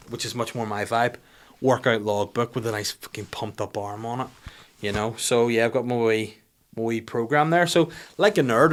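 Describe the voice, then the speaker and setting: A man's voice: medium pitch, a bit bright. A man with a Northern Irish accent hosting a podcast, rambling through a casual comedic monologue, self-deprecating and sweary. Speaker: podcast host.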